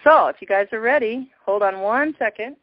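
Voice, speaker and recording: A woman hosts a spiritual call-in show over a teleconference, guiding listeners effusively with laughs and exclamations. Her voice is fairly high-pitched at a normal speed, and the call recording is dry, dull and lo-fi.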